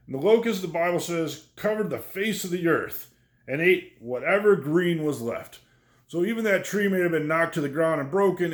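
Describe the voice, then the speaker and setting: A man's voice: a little high, roomy sound. A man teaching a lesson on biblical history in a conversational way, often checking in with the listeners. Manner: conversational, checks in with "right?" and "okay?".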